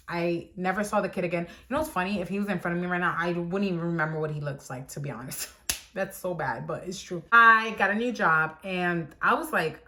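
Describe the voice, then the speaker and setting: A woman's voice: lowish voice, bright, forceful tone. Young woman, story-time vlogger; chatty, exasperated, acts out quoted dialogue. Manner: exasperated, with frequent "like" fillers.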